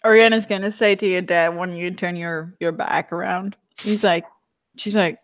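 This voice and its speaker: A woman's voice: lowish voice, steady tone, moderate pace, no room sound. A woman playing in a tabletop game, chatty and laughing, often correcting herself. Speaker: player. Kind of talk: casual tabletop game play.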